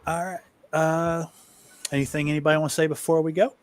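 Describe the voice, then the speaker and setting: A man's voice: fairly high pitch, level tone, fairly quick. A man narrating as game master for an online tabletop game in a laid-back, easygoing way. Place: home setup, online stream.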